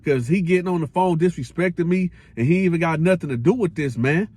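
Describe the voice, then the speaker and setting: A man's voice: on the high side, quick pace, a little mellow, husky. A man doing a hot-headed guy chasing his money. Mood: indignant. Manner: pushy, slangy, demanding.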